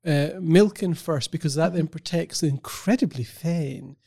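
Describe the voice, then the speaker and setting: A man's voice: a little high, a little slow, creaky, mellow. A man in a casual podcast chat who speaks in a wordy, precise way and often restarts his sentences.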